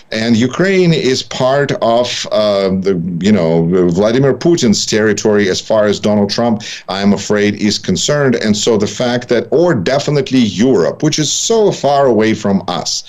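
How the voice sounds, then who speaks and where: A middle-aged man giving live news commentary, talking haltingly with many fillers and restarts. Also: on the low side, a little mellow. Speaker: political commentator.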